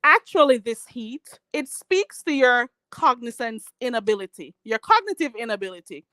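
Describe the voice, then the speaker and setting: A woman's voice: fairly high pitch, sing-song, normal speed, a bit bright, dry recording. A Jamaican woman ranting on a live stream, sassy and mocking, calling her target "child". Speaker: vlogger.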